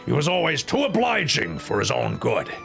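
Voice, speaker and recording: A man's voice: mid-range voice, huge pitch swings, normal speed, creaky, a bit bright, faint music behind, full character voice. A man voicing a proud older male leader in a game cutscene, speaking in a stately tone that he breaks with crude insults. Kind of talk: playful dub-over of a game cutscene.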